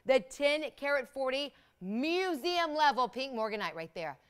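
Woman selling jewelry live on tv, pushy excited pitch, smooth clear voice. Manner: fast, excited hard-sell patter. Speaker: shopping channel host.

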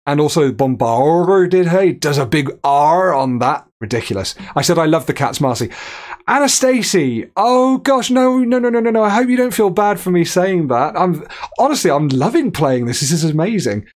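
A man's voice: a little high, lively intonation, fairly quick, a little mellow. A man streaming a game live, chatting, reading viewer messages aloud and laughing often.

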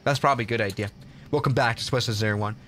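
A man's voice: mid-range voice, fast, fairly bright tone. A man streaming a flight sim, chatting casually to viewers in a rambling way full of fillers and restarts. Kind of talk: casual live gameplay commentary.

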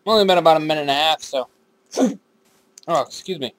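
A man hosts his own game series with casual, rambling commentary, swearing freely, talking back to on-screen characters, and slipping into random put-on accents. His voice is on the high side, a bit bright and a little fast, with no echo.

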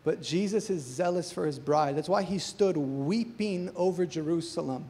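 At a church service, a man delivers a sermon in a fairly high, mellow, slightly rough voice, speaking earnestly at a moderate pace and pressing his listeners with questions. A long reverb fills the sound, as if in a large hall.

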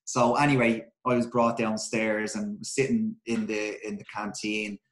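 A man's voice: fairly low pitch, level tone, measured pace, a bit bright. A middle-aged Irish man, a former footballer, telling stories candidly in a casual interview, swearing freely and restarting his sentences often. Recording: roomy echo.

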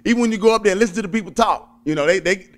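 A young man with a Southern accent from Alabama, a stand-up comedian chatting in an interview, laid-back and quick to chuckle. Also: high-pitched. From Birmingham, Alabama. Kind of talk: casual interview chat.

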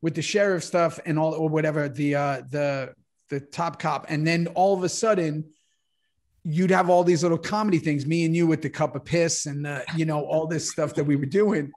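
A man co-hosting a podcast, casually telling an animated anecdote with plenty of swearing. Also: a little high, normal speed. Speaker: podcast co-host. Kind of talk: casual chat, storytelling.

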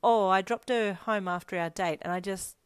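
A woman's voice: medium pitch, normal speed, clean tone, no room sound, lightly acted. A woman voicing a friendly, bashful teenage boy who hesitates and trails off, in a read-aloud fan story.

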